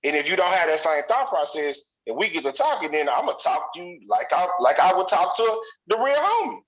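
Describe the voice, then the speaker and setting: Blunt, animated man talking straight. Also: high voice, brisk, rough recording. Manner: blunt, animated storytelling with slang. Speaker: podcast co-host. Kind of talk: casual chat.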